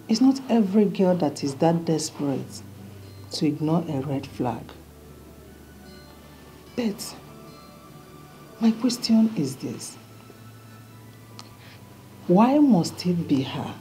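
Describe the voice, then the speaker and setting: A slow, measured queen mother. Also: on the low side, lively intonation, warm tone, faint music behind, rough recording. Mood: advising. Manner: measured, probing. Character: royal mother advising her son.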